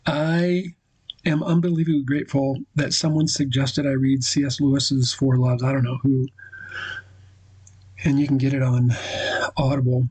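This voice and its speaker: A man hosting a devotional talk for husbands, speaking earnestly and quoting scripture, with pauses and restarts. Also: medium pitch, little pitch movement, a little mellow, husky, dry recording, rough recording. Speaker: host giving marriage advice to husbands.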